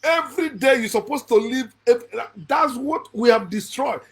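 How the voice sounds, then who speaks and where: A man's voice: very high voice, normal speed, fairly bright tone. A man giving a blunt, preachy monologue, repeating phrases for emphasis. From Nigeria. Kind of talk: impassioned monologue.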